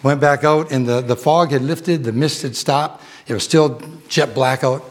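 A man's voice: medium pitch, normal speed. A middle-aged man preaching a folksy sermon, rambling through a ranch story with chuckles and talking straight to his congregation.

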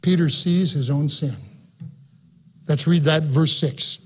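A man preaching a sermon in an auditorium, fervent and emphatic, swinging between soft and loud passages. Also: a little high, slow, a little hiss or hum. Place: auditorium, live-streamed.

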